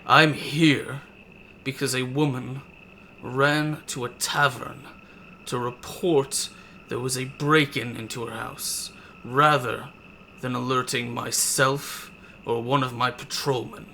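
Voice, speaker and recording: Man voicing a stern, measured town sheriff. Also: medium pitch, steady tone, vocal fry, pushed and bright, a little hiss or hum, full character voice. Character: stern male town sheriff, stickler for protocol.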